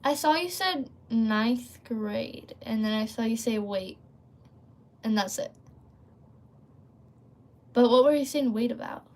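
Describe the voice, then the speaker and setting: A woman's voice: a little high, slow, long pauses, darkish tone. Chatty rambling woman live-streaming. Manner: rambling, filler-heavy, often breaks off to read and answer chat. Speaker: livestream host. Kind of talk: casual livestream chat.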